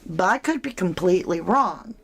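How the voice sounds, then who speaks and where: A woman's voice: lowish voice, animated, moderate pace, fairly bright tone, husky. A woman giving casual, speculative true crime commentary, asking her listeners questions as she goes.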